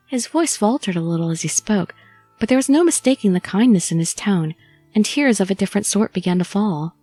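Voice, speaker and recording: A woman's voice: medium pitch, dark tone, no echo. A woman reading a first-person audiobook story expressively, as the channel host. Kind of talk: audiobook narration and chatty outro.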